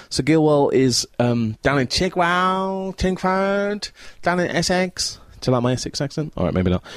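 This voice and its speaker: Speaking at home by a window, a man hosts a casual solo podcast as a Scout leader, rambling and drifting off topic easily. His voice is medium in pitch, with no room sound.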